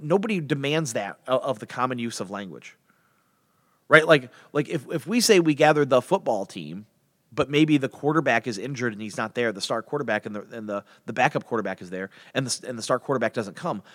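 Animated man teaching the Bible. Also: mid-range voice, long reverb tail. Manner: conversational, animated, acts out biblical characters in voices.

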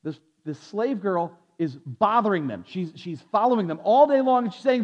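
A man's voice: high-pitched, expressive, normal speed, few pauses, a little mellow, big-room sound. A man preaching a Bible lesson who repeats words and restarts his phrases often, asking his listeners questions, on a dull, lo-fi recording. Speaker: preacher teaching a Bible study. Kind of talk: sermon.

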